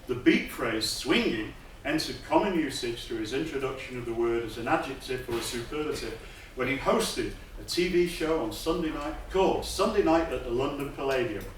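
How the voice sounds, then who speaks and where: A man giving a keynote lecture in a lively, playful way, sprinkling in hip slang. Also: mid-range voice, a little hiss or hum. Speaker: keynote speaker. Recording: distant voice in an echoey hall.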